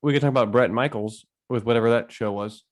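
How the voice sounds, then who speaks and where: Rambling man recapping a movie. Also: medium pitch. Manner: rambling, drawn-out retelling with many fillers. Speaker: podcast co-host. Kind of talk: casual movie recap chat.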